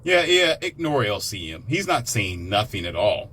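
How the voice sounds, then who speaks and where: A man in a sarcastic, animated ranting monologue, now and then jumping into mocking high-pitched impressions. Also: moderate pace, husky. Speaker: commentator.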